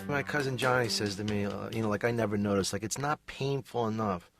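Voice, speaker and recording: A man's voice: on the low side, fairly quick, over music, lightly acted. A man voicing a neurotic, needy cartoon therapy patient who rambles and complains in a self-pitying way. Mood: ranting. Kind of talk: animated sitcom voice acting.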